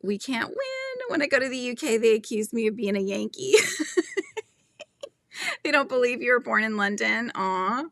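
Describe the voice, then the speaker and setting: A woman's voice: a little high, moderate pace, creaky, long pauses, fairly bright tone, dry recording, clean studio sound. A middle-aged woman hosting a casual livestream chat, laughing often and reading out viewers' comments. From Northern California. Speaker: host.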